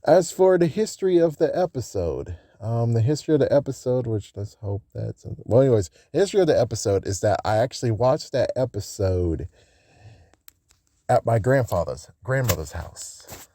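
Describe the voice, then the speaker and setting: A man talks through a casual fan vlog in a mellow, warm voice, recorded dry and close. He rambles and restarts his sentences and swears freely. When something annoys him, he breaks into loud, high-pitched rants. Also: sing-song, moderate pace, dry recording. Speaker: fan channel host.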